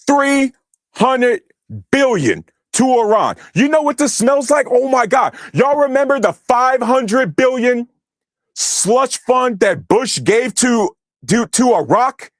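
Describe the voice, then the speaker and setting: Speaking slowly with lively intonation, this very high-pitched American livestream host curses furiously at his chat and tears into the people commenting. The recording is studio quality, free of echo.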